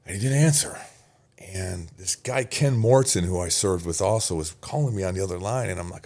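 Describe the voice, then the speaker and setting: A man's voice: low voice, animated, fairly quick, darkish tone. A middle-aged man, a podcast guest, telling an emotional personal story in earnest, sometimes swearing and dropping almost to a whisper. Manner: emotional, earnest, swearing at times, drops to near-whisper in sad moments.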